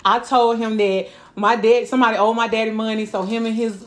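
A woman in her thirties co-hosting a casual podcast chat and telling stories in an animated way, laughing often and swearing freely. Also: on the high side, fairly quick. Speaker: podcast co-host. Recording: echoey room.

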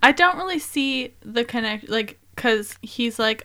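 A woman's voice: a little high, lively intonation, a little slow, bright, forceful tone. A young woman in a casual film discussion, wry and offhand, dropping laughing asides.

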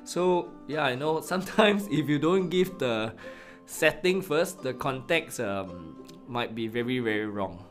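A podcast host with a Singaporean English accent tells casual, self-deprecating stories in a chatty, colloquial monologue. His voice is medium in pitch with lively intonation, a little slow, over soft background music.

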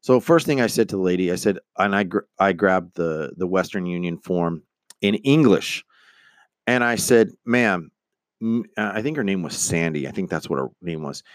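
A man with a low voice tells a long, rambling personal anecdote, slipping into the voices of the people in it and swearing freely. His voice is recorded dry and close, with no room sound. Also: moderate pace, dry recording. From United States. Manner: rambling, animated, acts out quoted voices; swears casually. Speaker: storyteller. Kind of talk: casual spoken anecdote.

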